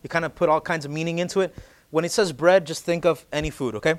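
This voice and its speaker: Late-20s male pastor, a bit high-voiced, chatty sermon with bursts of urgency. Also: brisk. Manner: conversational, joking, shifts into loud urgent emphasis.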